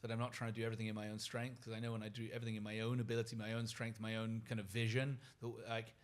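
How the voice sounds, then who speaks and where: A British man in his forties, a podcast guest speaking in an earnest, soft-spoken and reflective way. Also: lowish voice, completely flat delivery, rapid-fire. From United Kingdom. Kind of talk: reflective interview conversation.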